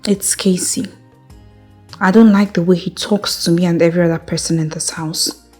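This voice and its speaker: An actress playing a troubled young wife who speaks reluctantly and quietly. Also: female voice, on the low side, fairly even intonation, moderate pace, faint music behind, lightly acted. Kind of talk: Nollywood film acting.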